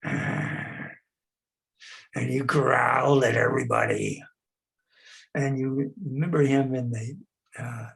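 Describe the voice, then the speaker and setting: A man's voice: mid-range voice, creaky, a bit bright. An older man leading a group through playful clown-face exercises, coaxing them and demonstrating sighs and growls over a video call. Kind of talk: instructional talk with face exercises.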